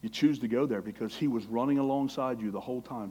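A man preaching a sermon with passion, quoting scripture and acting out prayers, his voice rising when he gets excited. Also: medium pitch, fast talker, breathy edge. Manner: impassioned, quotes scripture, acts out prayers.

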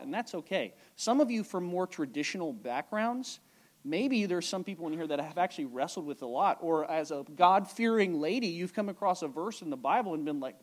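A male pastor giving a conversational sermon to his congregation, often checking in with the listeners. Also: sits high. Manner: animated, conversational preaching with frequent check-ins.

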